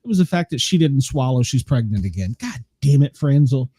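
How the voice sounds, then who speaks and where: A man's voice: medium pitch, sing-song, a little fast, mellow, husky, dry recording. A man hosting a podcast in casual chat, gossipy and profane, often laughing as he talks. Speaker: podcast host.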